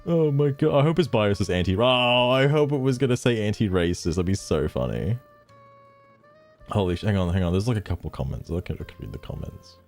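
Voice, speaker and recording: Man, sarcastic streamer, lively pitch, low voice, faint music behind. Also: fairly quick. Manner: sarcastic, laughing, mocking voices when reading. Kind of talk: casual commentary reading social media posts.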